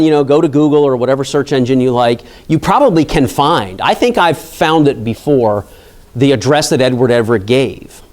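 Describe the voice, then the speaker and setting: A man's voice: medium pitch, darkish tone. A man from Pennsylvania, a national park site manager, giving a conversational history lecture to an audience, chatty and full of asides and questions to the listeners. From Pennsylvania, USA.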